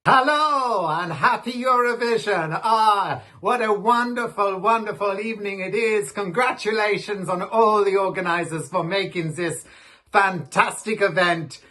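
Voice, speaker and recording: A man on a jury, announcing his votes slowly in a hammy put-on continental European accent. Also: sits high, pushed and bright. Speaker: guest jury member.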